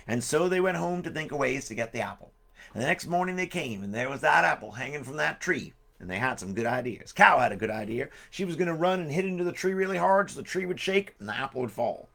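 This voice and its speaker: Jokey man telling stories, gravelly voice. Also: mid-range voice, animated, fast, a bit bright. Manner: jokey, rambling asides. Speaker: storyteller. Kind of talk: live-streamed storytelling for kids.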